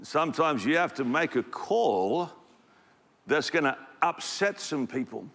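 A man's voice: fairly high pitch, big pitch swings, unhurried, vocal fry, a bit bright. A man preaching a sermon in a church, in an emphatic, conversational way. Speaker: pastor. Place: church auditorium. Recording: echoey hall reverb.

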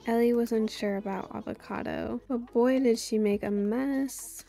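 A woman's voice: on the high side, steady tone, unhurried, gravelly, mellow, soft background music. A woman giving casual let's-play commentary, gushing and chatty as she plays. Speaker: gameplay YouTuber.

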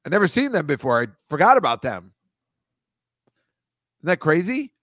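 A man's voice: fairly high pitch, very animated, moderate pace, a bit bright, no echo. A man hosting a comedy podcast, riffing casually with rambling, profane, sarcastic asides.

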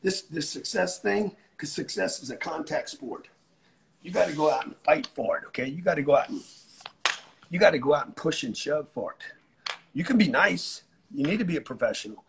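A middle-aged man giving a brash, profane motivational talk on a livestream, repeating himself and yelling points home. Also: a little high, animated, moderate pace, creaky, a little hiss or hum. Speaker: motivational speaker.

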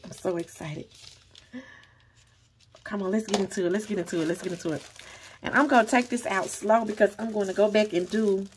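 A woman vlogger chatting casually through an unboxing, gushing and excitable as she talks straight to her viewers. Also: mid-range voice, a little hiss or hum.

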